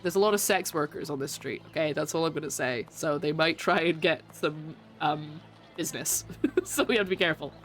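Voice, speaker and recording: A woman's voice: sits low, fairly quick. A woman variety streamer chatting casually with her viewers while playing a game, welcoming and laughing often. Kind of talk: casual live-stream chat while gaming.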